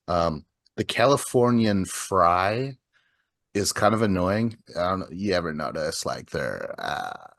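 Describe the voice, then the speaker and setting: A man's voice: deep voice, fairly bright tone, dry recording, clean studio sound. A man co-hosting a podcast, talking loosely with lots of fillers, restarts and swearing. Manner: rambling, swears often, many fillers and restarts. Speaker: podcast co-host. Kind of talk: casual chat.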